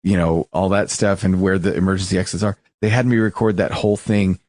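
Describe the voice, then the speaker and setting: A young adult man hosting a casual podcast, animated and laughing, stumbling over restarts. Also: sits low, fairly quick, no echo. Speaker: podcast host.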